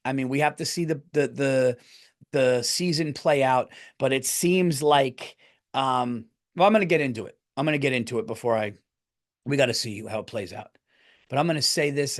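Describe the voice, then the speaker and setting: A middle-aged man hosting his podcast in a casual, rambling way, getting heated and swearing as he rants. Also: mid-range voice. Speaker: podcast host. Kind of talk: casual comedic rant.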